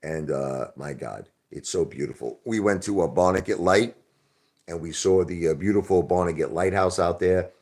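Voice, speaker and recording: Deep-voiced man rambling on a livestream. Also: normal speed, darkish tone. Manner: rambling, street-talking, calls people brother. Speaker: livestream host. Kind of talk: casual livestream chat with viewers.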